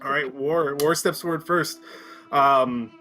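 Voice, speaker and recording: A man's voice: on the high side, steady tone, slow, music in the background. A man narrating as game master, describing scenes with frequent fillers and self-corrections.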